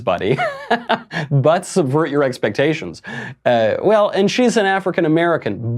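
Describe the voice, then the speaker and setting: A man's voice: medium pitch, a little mellow. A man hosting a political commentary show, talking in a sarcastic, mocking way and laughing between his points. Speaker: host.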